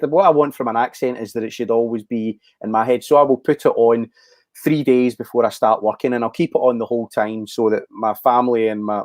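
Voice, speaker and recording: Scottish actor, thoughtful and halting. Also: male voice, medium pitch, darkish tone, dry recording. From Scotland. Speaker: actor, guest. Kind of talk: casual interview.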